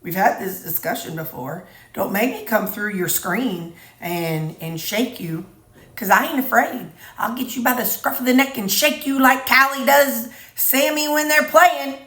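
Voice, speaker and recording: A woman's voice: on the high side, a little slow, a bit bright. A middle-aged woman chatting casually to camera in her home kitchen, folksy and teasing. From Missouri. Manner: chatty, folksy, teasing, sings snatches to herself. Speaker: vlogger. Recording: roomy echoey kitchen.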